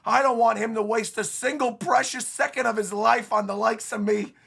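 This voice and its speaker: A man voicing a brash male pirate captain who speaks roughly and with remorse, reading comic panels aloud. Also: extremely high pitch, steady tone, normal speed, a bit bright, full character voice. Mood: resigned.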